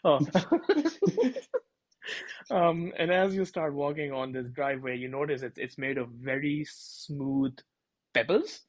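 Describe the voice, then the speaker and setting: A man's voice: mid-range voice, fairly even intonation, unhurried, long pauses. A man narrating a tabletop game as dungeon master in a loose, chatty way full of fillers.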